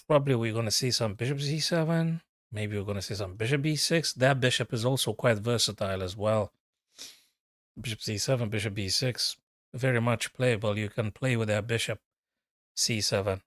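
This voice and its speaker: A man's voice: mid-range voice, a bit bright, dry recording, studio quality. A man, a chess coach, giving casual live commentary on a game, chatty and thinking aloud as he talks to his viewers.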